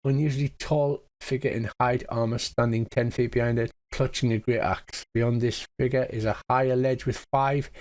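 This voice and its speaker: A man narrating a tabletop game as game master, describing scenes in a halting way. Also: mid-range voice, steady tone, darkish tone.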